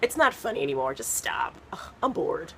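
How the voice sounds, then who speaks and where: A woman's voice: sits low, sing-song, normal speed, sharp tone, a little hiss or hum, pitched below the performer's own voice, exaggerated voice, rough recording. A woman comedian imitating a young schoolgirl friend who teases her and then turns dismissive. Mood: bored.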